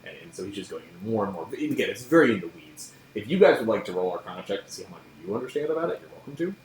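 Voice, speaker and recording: A man's voice: on the low side, sing-song, very fast, slight background noise. A man narrating a tabletop game as game master, casual and laughing often, in an echoey room.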